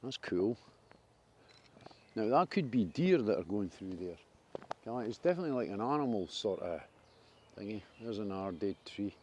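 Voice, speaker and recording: A man's voice: fairly low pitch, sing-song, normal speed, pauses often, a little mellow, a little hiss or hum. A man with a Scottish accent chatting casually as he walks through a wooded park, enthusiastic and rambling about trees and nature. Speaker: vlogger. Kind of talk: casual walking commentary.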